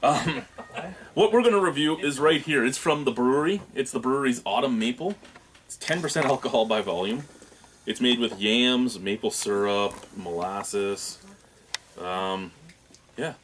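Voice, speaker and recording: A man's voice: medium pitch, a little slow, fairly bright tone, a little hiss or hum. A man hosting a casual beer-tasting show, joking around with friends and describing aromas in detail. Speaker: beer review host.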